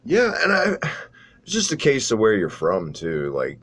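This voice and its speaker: A man's voice: lowish voice, huge pitch swings, a little slow, a bit bright, slightly rough. A man hosting a casual wrestling podcast, talking in a profane, sarcastic, rambling way. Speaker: podcast host.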